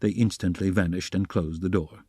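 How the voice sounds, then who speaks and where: A man narrating a classic novel as an audiobook reader, steady and even. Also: low voice, moderate pace, slightly rough, no echo, studio quality. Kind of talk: scripted narration.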